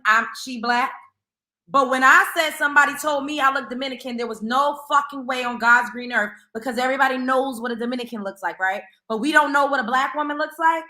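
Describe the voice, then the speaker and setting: A woman's voice: high-pitched, pushed and bright, reverberant. Fired-up, profane New woman. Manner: blunt, profane, fired-up rhetorical questions. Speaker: host of a commentary show. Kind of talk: reaction commentary.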